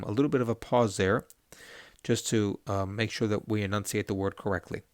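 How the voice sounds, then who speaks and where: A man teaching a lesson, patiently encouraging his students as he alternates slow chanted readings with quick explanations. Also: lowish voice, fairly even intonation, no room sound, studio quality. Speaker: Hebrew cantillation teacher.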